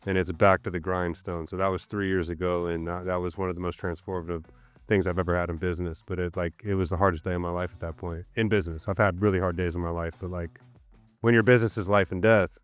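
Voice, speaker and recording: A man's voice: low-pitched, fast talker, clean tone, dry recording, soft background music. A man in his thirties, a podcast guest, telling a candid personal story in casual interview talk with lots of "so, like". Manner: candid, animated storyteller with fillers like "so, like". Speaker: podcast guest, gym owner.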